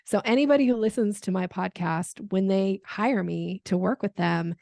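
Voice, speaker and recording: A woman sales coach talking as a podcast guest, explaining in an animated way and acting out little bits of dialogue. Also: medium pitch, moderate pace, gravelly, no echo, clean studio sound. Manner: animated, acts out quoted dialogue with frequent laughs. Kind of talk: conversational interview.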